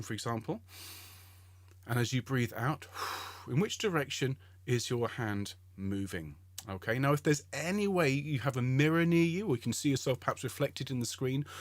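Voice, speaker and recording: A man's voice: mid-range voice, dry recording. Patient man leading a breathing lesson. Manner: encouraging, patient, explains step by step with frequent "okay?". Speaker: choir leader. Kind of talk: online singing warm-up lesson.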